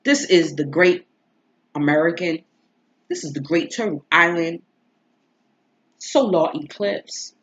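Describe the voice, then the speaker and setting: A woman's voice: lowish voice, lively intonation, takes it slowly, pauses often, a little hiss or hum. A woman, an astrology and tarot reader, talking in a rambling, emotional way with a stuffy nose from crying, throwing in rhetorical asides. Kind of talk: casual confessional vlog chat. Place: home.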